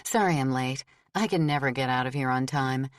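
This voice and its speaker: A woman voicing a busy female nurse who chats in a rushed, friendly way. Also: rumbling low, dry recording, studio quality. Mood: chatty. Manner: chatty, rushed.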